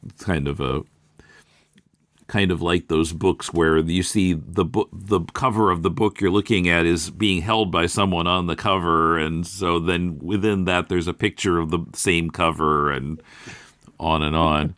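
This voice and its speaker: Deep-voiced man, dry close sound. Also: fairly even intonation, fairly bright tone, dry recording. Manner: measured, thoughtful, recounting in detail. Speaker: podcast host. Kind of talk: casual chat.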